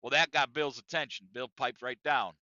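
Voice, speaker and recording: A man hosting a podcast, telling a profane comic story in an animated, conversational way, in a dry, dull lo-fi recording. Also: medium pitch, normal speed, no echo. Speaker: podcast host.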